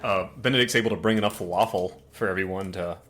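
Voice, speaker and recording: A man running a tabletop game as game master, laid-back and quick to laugh. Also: sits low, a bit bright.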